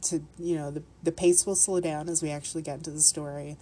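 A woman's voice: low voice, steady tone, fast talker, dark tone. A Canadian woman with a slight Minnesotan lilt, hosting a podcast in casual, rambling chat, often laughing and swearing. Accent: Canadian, with a put-on Minnesotan lilt. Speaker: podcast host.

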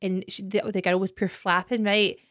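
A woman's voice: medium pitch, flat delivery, moderate pace, fairly bright tone, no echo, studio quality. A young Scottish woman co-hosting a podcast, telling a story in chatty bursts full of "like" and "right?". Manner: chatty, tells stories with lots of "like" and "right?". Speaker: podcast co-host. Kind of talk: casual chat, storytelling.

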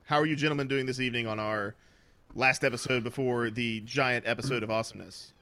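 A man's voice: medium pitch, fairly even intonation, quick pace, sharp tone, slight background noise. A man hosting a podcast, rambling and laughing through casual banter. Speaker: podcast host. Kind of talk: casual chat.

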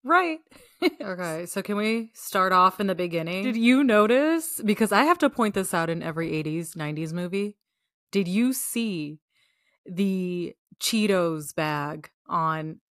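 A woman's voice: lowish voice, expressive, measured pace, fairly bright tone, dry recording, studio quality. Playful woman co-host from Chicago. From Chicago, United States. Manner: playful, giggly, teasing. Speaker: podcast co-host. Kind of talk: casual chat.

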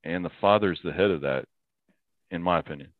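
Deep-voiced man, earnest, thin phone-like sound. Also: a little fast, no echo. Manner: earnest, quotes scripture, laughs easily. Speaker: podcast guest. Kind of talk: casual interview talk.

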